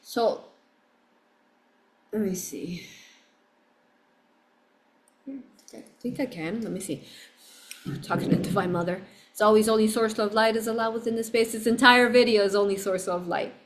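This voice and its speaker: A woman hosting a livestream, telling a story in a casual, excitable way, with frequent exclamations and restarted sentences. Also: mid-range voice, measured pace, pauses often, slight background noise. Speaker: livestream host.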